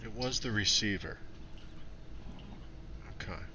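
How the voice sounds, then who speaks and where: A man's voice: fairly low pitch, takes it slowly, sharp tone. A man streaming a video game, chatting casually and joking, with laughs and whispered asides. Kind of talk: casual live-stream chat. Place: home room with birds outside. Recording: noisy room with bird sounds.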